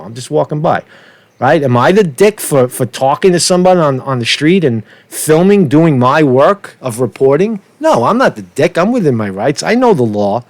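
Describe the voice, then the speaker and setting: A man's voice: fairly high pitch, no echo. A man doing ranting street commentary for his vlog, swearing a lot and tagging nearly every point with "right?". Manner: profane, keeps asking "right?". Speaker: street vlogger.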